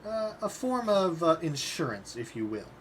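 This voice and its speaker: A man playing a large, shrewd male goliath businessman who speaks in a smooth, measured sales patter. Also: a little high, sing-song, slight background noise, voice pushed up. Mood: smooth menace.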